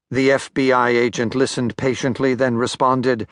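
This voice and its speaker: Older male audiobook narrator, measured and wry, dry booth sound. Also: mid-range voice, fairly even intonation, a bit bright, dry recording. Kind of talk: scripted narration.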